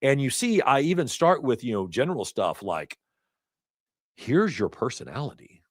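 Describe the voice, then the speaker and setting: A man teaching a live training class, talking casually with asides and quick self-corrections. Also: mid-range voice, very animated, no echo, studio quality. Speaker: instructor. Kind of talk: live certification lecture. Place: training event room.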